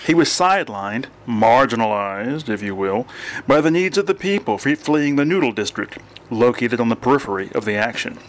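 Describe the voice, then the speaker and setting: A man narrating an audiobook in a dry, measured reading voice. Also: medium pitch.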